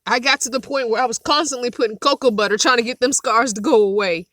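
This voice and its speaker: Animated woman laughing through stories. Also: on the high side, fast talker, no echo. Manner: animated storytelling with frequent laughter. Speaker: vlogger hosting a live chat. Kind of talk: casual live-stream chat. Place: inside her van.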